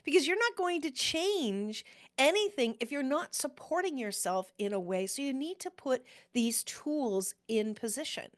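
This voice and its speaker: A middle-aged woman hosting a motivational business podcast, earnest and quick to laugh while telling stories. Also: high-pitched, lively intonation. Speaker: podcast host and business coach.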